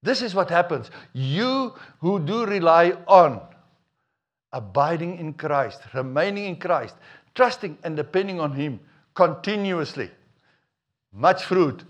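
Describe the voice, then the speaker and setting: A middle-aged man, preaching a sermon in a conversational, animated way with asides to the congregation. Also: a little high, measured pace. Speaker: pastor.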